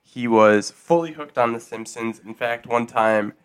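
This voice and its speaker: A man's voice: medium pitch, unhurried, clean tone. A man co-hosting a comedy podcast, laughing often and telling playful stories. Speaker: podcast co-host. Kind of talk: casual comedic chat.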